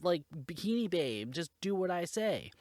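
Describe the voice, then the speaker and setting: Guy putting on a high airy ditzy blonde girl voice, bossy and whiny, dry sound. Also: sing-song, moderate pace, a little mellow, no room sound. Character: ditzy pushy young blonde woman.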